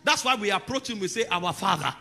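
A man, preaching with a husky, bright edge and a voice that leaps high and low. He moves from calm teaching to loud, emphatic declarations. Soft music plays behind him. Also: brisk. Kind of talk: sermon.

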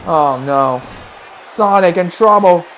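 A man calling wrestling play-by-play, excitable and breaking into shouts at big moves. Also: sits high, slow, a little hiss or hum, poor audio. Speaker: play-by-play commentator.

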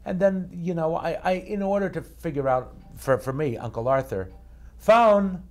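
Halting man in an interview. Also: fairly high pitch, steady tone, darkish tone. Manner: halting, repeats and restarts words. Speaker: actor interviewed as a guest. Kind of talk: casual interview talk.

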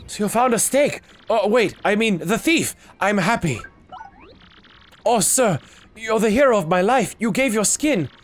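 A man voicing an excitable, squeaky male game character with a shrill voice. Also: measured pace, soft background music. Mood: excited.

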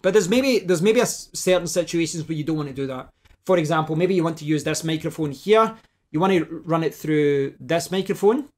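A man with a fairly high voice walks through a hands-on tech demonstration at his desk. He thinks aloud as he plugs and unplugs cables, often restarting his sentences. The delivery is relaxed and conversational, spoken into a desk microphone. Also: fairly quick. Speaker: tech tutorial host. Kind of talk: casual demonstration tutorial. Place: home desk setup. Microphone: desk microphone, switching between mics.

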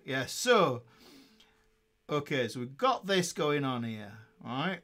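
A man's voice: on the high side, animated, measured pace, fairly bright tone. Chatty, upbeat man teaching guitar. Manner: chatty, upbeat, talks while playing, laughs often. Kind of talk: casual guitar lesson. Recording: faint guitar music behind. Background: guitar playing.

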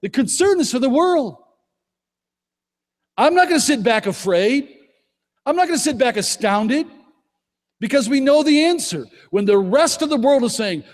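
A man preaching at a conference, emphatic, swinging between loud declarations and low, intense asides. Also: animated, fairly quick. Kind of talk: conference sermon. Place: conference hall. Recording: long hall reverb.

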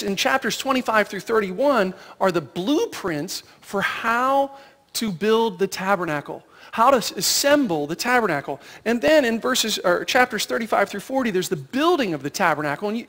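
High-voiced man preaching in a reverberant church. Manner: conversational, asks the congregation rhetorical questions; animated, acts out Bible characters' lines. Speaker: pastor. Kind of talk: sermon. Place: church sanctuary.

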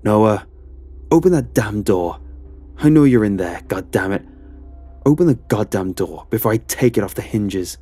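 A man voicing a grieving middle-aged father who shouts bitterly in a horror story. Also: medium pitch, very animated, slow, vocal fry, pauses often, husky, no room sound, faint music behind, voice pushed up, full character voice. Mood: furious.

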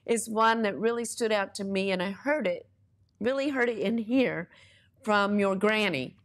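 A woman's voice: medium pitch, moderate pace. A woman minister preaching in a conversational way, telling testimony stories and weaving in scripture with earnest conviction.

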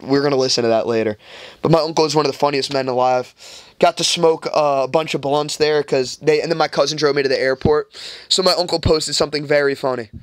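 A man's voice: fairly high pitch, fairly bright tone, dry recording. A young man hosting a casual podcast, telling loose, rambling stories and swearing freely. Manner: loose, profane, rambling storyteller. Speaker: podcast host. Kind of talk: casual storytelling chat.

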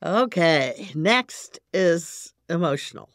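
An older woman hosting an interview, speaking in a gentle, measured way with some hesitant restarts. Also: lowish voice, expressive, no room sound, clean studio sound. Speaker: host. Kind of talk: podcast interview.

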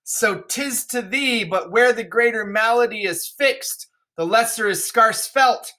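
A woman reading the part of an old king going mad, in slow, grand, anguished verse. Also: on the high side, bright, forceful tone, voice pushed up. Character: old male king sliding into madness.

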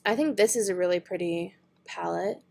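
A woman's voice: fairly low pitch, normal speed, gravelly. A young woman beauty vlogger chatting casually and thinking aloud while she browses makeup online, with frequent giggles. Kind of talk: casual online shopping chat.

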